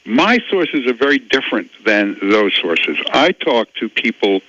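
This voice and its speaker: A man's voice: medium pitch, sing-song, unhurried, bright, forceful tone, no echo. A man in his seventies, an author being interviewed on the radio, answering critics in an emphatic, dismissive way. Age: 70s. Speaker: author guest. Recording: dull dry radio audio.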